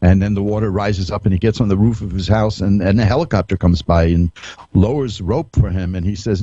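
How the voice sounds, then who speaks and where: A low, mellow male voice telling homespun stories as a radio psychic host, chuckling and restarting his sentences. The sound is dull and lo-fi, like a streamed radio broadcast. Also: expressive, brisk, husky, no echo. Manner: folksy storytelling with chuckles and frequent restarts. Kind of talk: radio monologue, anecdotal.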